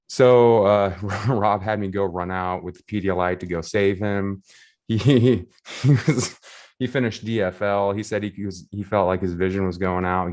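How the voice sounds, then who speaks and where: Deep-voiced guy rambling thru a funny story, lots of "like" and laughing. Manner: animated, laughing, loose filler-heavy storytelling. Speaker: race volunteer and shuttle driver. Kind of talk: casual storytelling recap.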